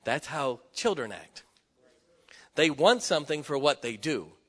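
A man's voice: fairly high pitch, very animated, unhurried, fairly bright tone. A middle-aged man preaching a sermon, joking and folksy, with sudden emphatic rising bursts. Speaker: pastor. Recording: long hall reverb.

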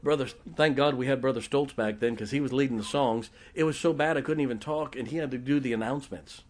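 A man's voice: mid-range voice, fast talker, darkish tone. A man preaching a sermon as pastor, telling folksy stories and joking with his congregation.

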